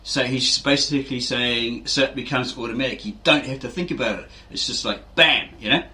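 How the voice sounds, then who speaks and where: A fitness channel host with a brisk, sharp, mid-range voice gives a casual, rambling explanation. He keeps tagging his lines with "right?" and acts out quotes as he goes.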